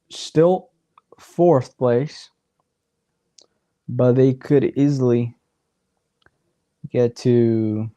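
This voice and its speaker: A man casually chatting through a soccer watchalong as a streamer, his voice going hoarse, rambling as he works out the league standings aloud. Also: mid-range voice, warm tone, no room sound. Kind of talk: casual live match commentary.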